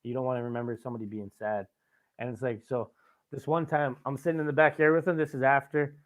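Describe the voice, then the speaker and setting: A fast-talking young adult man hosts a podcast in a mid-range voice with flat delivery. He chats casually, rambling through profane tales and laughing at his own stories, while the recording sounds tinny, as if over a phone.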